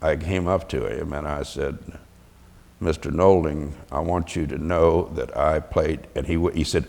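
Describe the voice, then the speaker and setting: A man's voice: extremely low pitch, fairly even intonation, unhurried, gravelly, a little mellow, big-room sound. An older man, a veteran, telling chuckling anecdotes in an oral history interview and acting out the voices he quotes.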